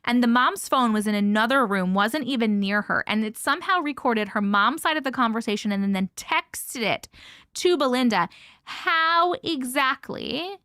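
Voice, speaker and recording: A young woman with a Long Island New York accent hosts a casual live stream, chatting and reading comments aloud. Her voice sits a little high and she laughs and curses easily. The sound is dry and close. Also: expressive, moderate pace, fairly bright tone, no echo. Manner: chatty, giggly, swears freely, reads chat aloud. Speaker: host. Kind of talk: casual livestream chat.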